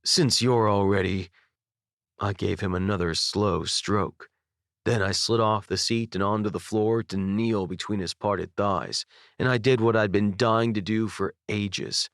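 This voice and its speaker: A young man narrating a first-person audiobook with intimate, expressive storytelling. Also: fairly low pitch, unhurried, dry recording, studio quality. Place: dry recording booth. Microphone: studio microphone.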